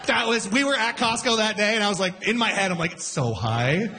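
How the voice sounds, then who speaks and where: Animated high-voiced stand-up comedian man. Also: a little fast, noisy background. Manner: animated, shouting character voices for punchlines.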